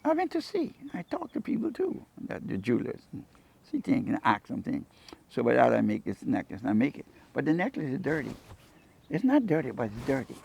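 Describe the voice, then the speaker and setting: An older fisherman and jewelry maker from Cayman Brac in the Cayman Islands tells rambling anecdotes in an interview, animatedly acting out quoted dialogue. His medium-pitched voice is brisk, creaky and slightly rough.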